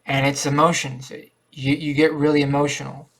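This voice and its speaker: A man vlogging in an earnest, repetitive monologue, often pausing and restarting. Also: fairly high pitch, level tone, fairly bright tone. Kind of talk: rambling personal monologue.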